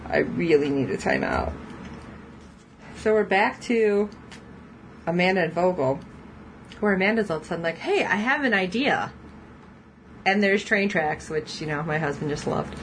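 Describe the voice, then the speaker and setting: A woman's voice: mid-range voice, animated, normal speed, pauses often, a little hiss or hum, rough recording. A woman co-hosting a casual podcast, recapping a TV episode in a chatty way and laughing often as she quotes the characters. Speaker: podcast co-host.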